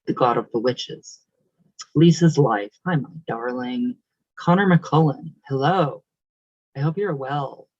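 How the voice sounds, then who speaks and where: A man's voice: mid-range voice, gravelly, slightly rough, no room sound, lo-fi sound. A young man hosting his channel, reading out viewer comments in a casual, affectionate, emotional way with frequent laughs.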